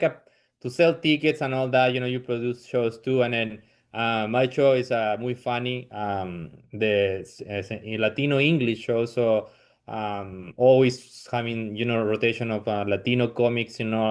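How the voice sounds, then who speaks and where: A man from Chile with a Chilean Spanish accent, a stand-up comedian chatting casually in an interview, laughing often and filling pauses with "you know.". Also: mid-range voice, clear, resonant tone.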